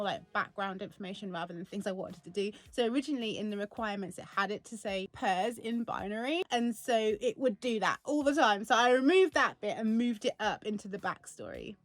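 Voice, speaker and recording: Chatty woman, slightly high voice. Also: no echo. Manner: chatty, rambling with frequent "like" and laughs. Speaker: vlogger. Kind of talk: casual walkthrough chat.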